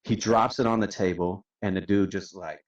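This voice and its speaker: Laid-back male podcast guest with a very low voice, sounding a bit distant and muffled. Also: steady tone, moderate pace. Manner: laid-back, says "man" and "dude" a lot. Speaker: podcast guest, company founder. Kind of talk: casual storytelling. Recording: distant, dull-sounding mic.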